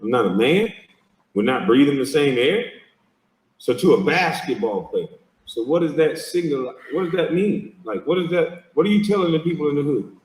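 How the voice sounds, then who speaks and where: A man's voice: fairly high pitch, lively intonation, moderate pace, a little mellow, recorded from a distance. A man hosting a heated reaction commentary, mocking and confrontational and swearing a lot. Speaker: host reacting to a video clip. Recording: echoey room, speaker off mic.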